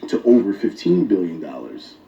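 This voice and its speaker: Male co-host, low and dark, muffled distant roomy sound, rhetorical questions. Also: wildly swooping pitch, moderate pace, vocal fry. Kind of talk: casual podcast talk.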